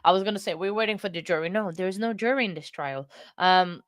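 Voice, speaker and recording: A playful woman hosts a casual livestream, rambling and laughing as she answers her chat. She sounds a little out of breath, her voice at an ordinary pitch. The sound is close and dry, with no room echo. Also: fast. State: a bit out of breath. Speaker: livestream host.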